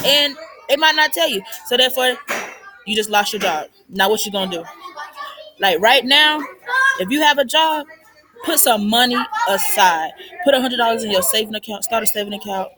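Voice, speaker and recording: Bright-voiced young woman chatting casually. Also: fairly high pitch, fairly quick, soft background music. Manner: chatty, repeats points, fillers like "like" and "I mean". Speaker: parent giving money advice. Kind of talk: casual unscripted monologue. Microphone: phone recording.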